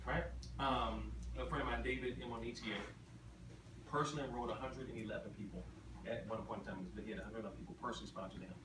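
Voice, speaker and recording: A fast-talking man with a mid-range voice and fairly even intonation gives a motivational convention talk. He's emphatic and repetitive, tossing questions to the crowd, and the large hall comes through echoey and distant with ambient noise.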